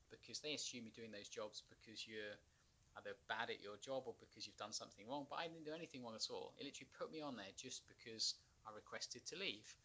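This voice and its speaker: Man, ex-marine vlogger, gravelly and bright, rambling storytelling with sighs. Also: mid-range voice, slight background noise. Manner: rambling, halting, with nervous laughs and sighs. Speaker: former marine turned anxiety consultant. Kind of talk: personal storytelling to camera.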